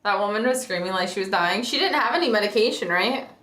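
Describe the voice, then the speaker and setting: A woman's voice: mid-range voice, lively intonation, fast talker, fairly bright tone. A woman streamer in casual livestream chat, teasing and laughing often. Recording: echoey room.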